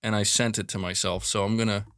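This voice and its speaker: A man's voice: on the low side, flat delivery, fast, fairly bright tone, clear, resonant tone, no echo, studio quality. A man hosting a gaming news show in casual chat, rambling, exasperated and jokey.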